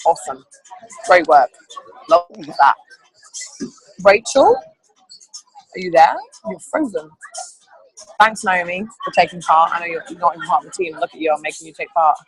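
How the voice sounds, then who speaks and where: A woman runs an online team training session over a video call, encouraging and chatty with plenty of fillers. Her voice has a slightly husky texture, and the sound is dry with no room around it. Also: on the low side, moderate pace, long pauses, no echo, poor audio. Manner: upbeat, encouraging, rambling with fillers. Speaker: team leader.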